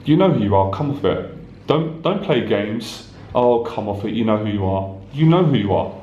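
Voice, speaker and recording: A man's voice: fairly low pitch, expressive, normal speed, dark tone, reverberant, lo-fi sound, a little hiss or hum, lightly acted. A man voicing a firm, knowing guru. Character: calm older male guru, firm and knowing.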